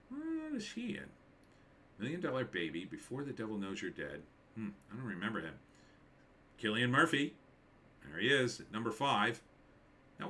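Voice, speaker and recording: A man hosting a livestream, reading through a list in casual commentary and musing aloud with quick offhand asides. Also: on the low side, bright, forceful tone. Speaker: livestream host.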